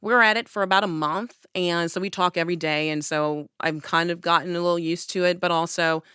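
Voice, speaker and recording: Young woman, podcast storytelling, casual chat, dry close sound, lowish clear voice. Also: a little fast, no echo. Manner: animated storyteller who acts out her own past lines. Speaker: podcast host. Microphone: studio podcast mic.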